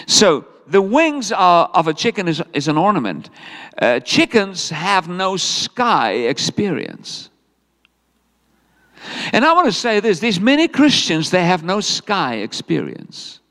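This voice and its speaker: A man delivers a sermon in a high voice that leaps up and down with energy. He jokes and fires rhetorical questions at the congregation. The church hall gives his words a long, echoing tail. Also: fairly bright tone. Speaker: preacher.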